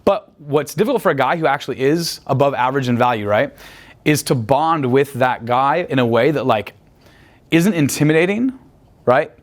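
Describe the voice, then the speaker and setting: A man's voice: medium pitch, lively intonation. A man coaching a live group in a room, talking in a chatty, profane way and tagging many points with "right?". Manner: rapid, profane, chatty, asks "right?" often. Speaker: dating coach. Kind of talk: live seminar talk.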